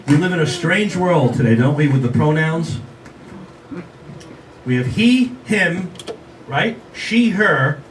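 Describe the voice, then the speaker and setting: A man's voice: fairly high pitch, expressive, slow, pauses often. Older man doing stand-up, roomy live sound. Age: 60s. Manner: self-mocking, conversational, addresses the audience directly. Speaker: stand-up comedian. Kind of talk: stand-up comedy set. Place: live venue with audience. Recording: roomy live sound from a distance, audible crowd ambience.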